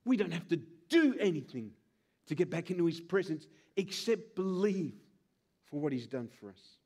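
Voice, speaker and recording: A man's voice: fairly high pitch, moderate pace. A male pastor preaching a sermon, acting out little scenes with voices. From Australia. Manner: animated, acts out scenes with put-on voices.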